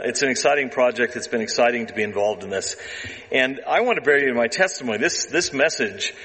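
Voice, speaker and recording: A man's voice: lowish voice, fairly bright tone, long reverb tail, low-quality recording. A man giving an earnest presentation to an audience about a documentary, closing with a heartfelt personal testimony. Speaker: documentary producer speaking to an audience.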